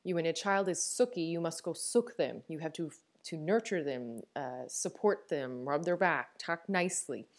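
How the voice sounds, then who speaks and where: A woman's voice: low-pitched, moderate pace, hardly any pauses. A woman in her thirties with a Newfoundland accent, hosting a reflective personal podcast in a candid, chatty way, laughing often and restarting her sentences. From Newfoundland, Canada. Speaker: podcast host.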